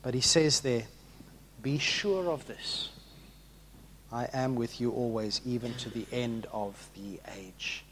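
A man preaching a sermon, swinging between loud rousing questions to the congregation and hushed, emphatic passages. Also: mid-range voice, takes it slowly, slight background noise.

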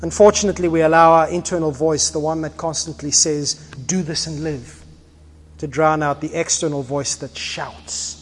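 A man preaching a sermon as pastor, animated, acting out little scenes and swinging between quiet and loud. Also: on the high side, normal speed, in a large hall, a little hiss or hum. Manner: animated, acts out little scenes with shifting volume.

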